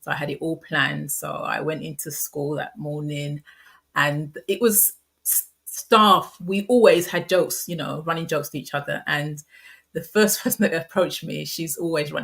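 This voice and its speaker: A middle-aged woman with a low voice tells a painful personal story in an interview. She talks softly and haltingly, often pausing and restarting her sentences. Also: vocal fry. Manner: soft, halting, frequent restarts and fillers. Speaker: guest sharing a personal story.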